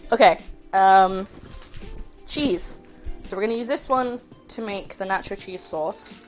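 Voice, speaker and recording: A woman's voice: medium pitch, a little slow, soft background music. A woman hosting a cooking livestream, chatting casually and rambling, laughing easily as she greets her chat.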